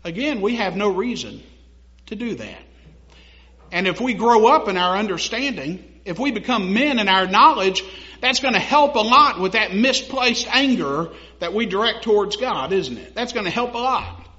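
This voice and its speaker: A man's voice: sits high, expressive, normal speed, pushed and bright. A young man preaching a sermon in a conversational way, laughing at his own stories and building to emphatic passages. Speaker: pastor. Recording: dull lo-fi sound.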